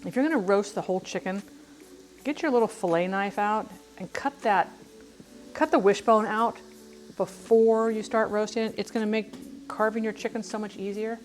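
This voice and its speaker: A woman's voice: medium pitch, normal speed, soft background music. A middle-aged woman chatting while she cooks on a livestream, rambling and self-deprecating. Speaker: cooking livestreamer. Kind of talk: casual chat while cooking on a livestream.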